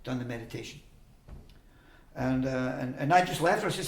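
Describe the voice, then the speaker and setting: A man's voice: mid-range voice, expressive, fairly quick, echoey room. An older man telling a long personal story in a casual interview, acting out the voices of the people he quotes. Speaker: interview guest.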